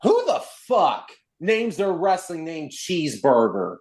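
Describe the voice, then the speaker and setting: Swearing co-host, man, animated lilt. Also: a little high, measured pace. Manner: profane, ranting. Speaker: podcast co-host. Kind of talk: casual wrestling chat.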